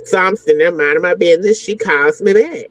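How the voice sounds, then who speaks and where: A woman's voice: lowish voice, fairly quick, dry recording. A woman guest entertainer telling a story in a frank, profane, slang-heavy way. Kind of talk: animated storytelling. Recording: dull lo-fi, dry sound.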